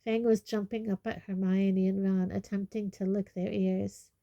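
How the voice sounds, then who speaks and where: Woman reading a fantasy chapter aloud, mellow dark voice, dry close sound. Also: mid-range voice, little pitch movement, normal speed, gravelly, no room sound, muffled recording. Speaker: audiobook reader. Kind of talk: storybook narration.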